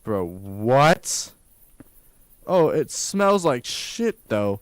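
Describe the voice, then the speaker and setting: Slow-talking man joking through a game stream. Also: mid-range voice, very animated, clear, resonant tone, no echo. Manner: joking, swearing, laughing aloud, outbursts of surprise. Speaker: livestreamer. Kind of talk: casual live game reaction.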